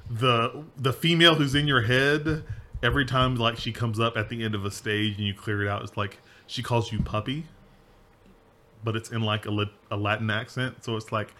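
Male podcast host, bright tone, loose rambling chat with frequent laughs. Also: mid-range voice, steady tone, normal speed. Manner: laughs often, rambling with restarts. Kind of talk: casual gaming podcast chat.

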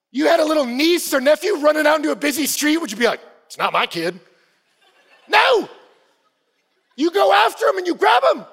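A man preaching a sermon, telling stories in an animated, playful way and acting out the scenes. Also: very high-pitched. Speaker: pastor. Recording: long hall reverb.

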